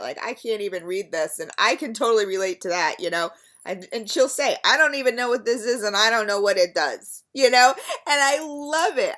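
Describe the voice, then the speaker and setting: Chatty, rambling woman vlogger. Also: medium pitch. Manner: chatty, rambling, warmly gushing with frequent fillers. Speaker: beauty vlogger. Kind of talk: casual rambling vlog.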